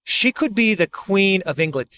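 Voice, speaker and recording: A middle-aged man, a speaker and author, talking in a casual, animated monologue and acting out quoted reactions. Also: high voice, normal speed.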